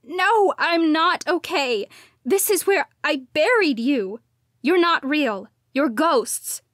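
A woman's voice: sits high, a little slow, no room sound, clean studio sound. A woman voicing a grieving young woman, tearful and pleading, breaking into cries. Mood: distraught.

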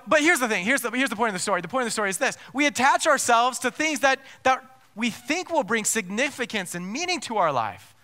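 A man's voice: high-pitched, sharp tone. A man preaching a sermon as pastor, emphatic, with rhetorical questions and frequent restarts.

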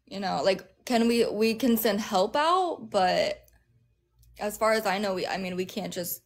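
A woman's voice: medium pitch, normal speed. A woman chatting casually on a live stream, laughing often and acting out what other people say. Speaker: livestream host; crisis counselor.

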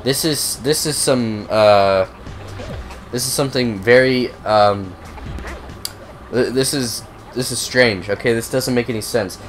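A young man with a cold who coughs now and then, giving profane, excitable, rambling commentary on a racing game. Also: mid-range voice, a little slow, long pauses, over music. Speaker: gaming video host. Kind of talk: casual gameplay commentary.

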